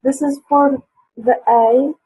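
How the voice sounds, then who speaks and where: A woman's voice: high-pitched, steady tone, takes it slowly, dark tone, a little hiss or hum. A woman teaching an online English lesson, hesitant with many fillers, her voice sore. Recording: tinny phone-like line.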